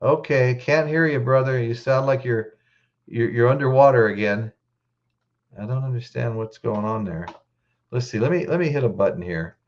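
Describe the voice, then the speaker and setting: A man's voice: medium pitch, moderate pace. Choked up guy hosting a live stream, reads out chat names, medium voice, kinda muffled lo-fi audio. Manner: greets chat viewers by name, frequent restarts.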